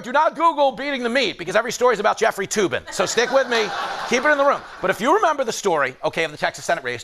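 Man, late-night comedy monologue, jokey quick delivery, very high lively voice, gravelly edge. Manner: quick jokey delivery, voices other people, laughs at own jokes. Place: studio with live audience. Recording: audience laughter and noise behind.

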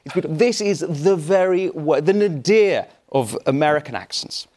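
A man from Britain sitting on a panel show, with a high voice that leaps around. His mockery is wordy and theatrical. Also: animated, normal speed, darkish tone. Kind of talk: casual panel banter.

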